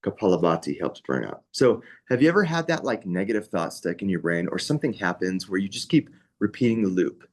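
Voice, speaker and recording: Casual, low-voiced male yoga teacher. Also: sing-song, fairly quick, few pauses. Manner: casual, conversational, with many asides and "right?". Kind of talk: teaching a yoga training class.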